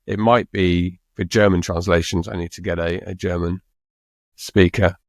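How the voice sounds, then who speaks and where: Middle-aged male co-host, very low voice, dry sound, halting casual delivery. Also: fairly even intonation, dry recording. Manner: halting, with frequent restarts. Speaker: podcast co-host. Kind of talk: casual chat.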